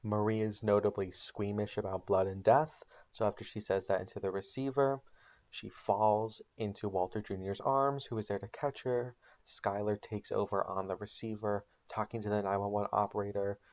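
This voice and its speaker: A man's voice: on the low side, level tone, normal speed, muffled recording. A man telling a comedic made-up recap of a TV show in a casual storytelling way with ums and likes. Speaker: channel host.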